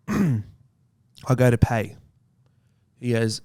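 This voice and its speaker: A man's voice: on the high side, slow, long pauses, clear, resonant tone, no echo. An Australian man co-hosting a podcast, telling a story in casual chat and acting out the people in it. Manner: animated, acts out voices in his stories. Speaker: podcast co-host. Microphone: studio microphone.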